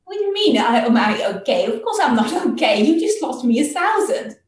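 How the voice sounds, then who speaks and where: A woman voicing an excitable, quick-tempered Brahmin man who swings from shouting to coaxing, heard from a distant mic in a roomy space. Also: fairly high pitch. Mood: indignant.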